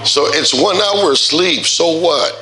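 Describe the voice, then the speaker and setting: A man's voice: a little high, slow. A man, a pastor joking with the congregation as he introduces a guest preacher. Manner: joking, teasing banter with the congregation. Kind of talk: church service welcome and introduction. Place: church sanctuary. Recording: long church-hall reverb with music.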